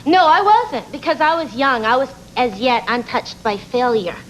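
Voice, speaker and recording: High-voiced chatty woman on a talk show. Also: lively intonation, moderate pace, slight background noise, poor audio. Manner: chatty, rambling, self-mocking. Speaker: actress guest.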